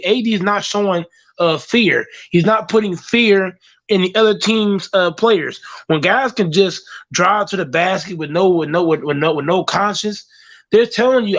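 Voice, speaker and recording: A high-voiced man delivers heated sports opinions, hammering his points with repetition and profanity. The sound is muffled and lo-fi, like a call-in to an online show. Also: animated, normal speed, fairly bright tone.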